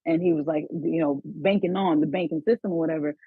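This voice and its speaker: A woman's voice: deep voice, steady tone, fast, slightly rough, dry recording. Rambling woman caller on a phone line. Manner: rambling, thinks aloud with many fillers. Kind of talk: casual phone call.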